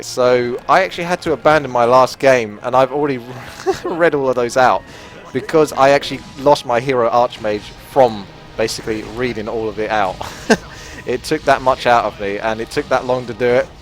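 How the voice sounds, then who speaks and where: A man giving casual gameplay commentary, chatty and self-deprecating, often laughing at himself. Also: mid-range voice. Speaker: gaming commentator.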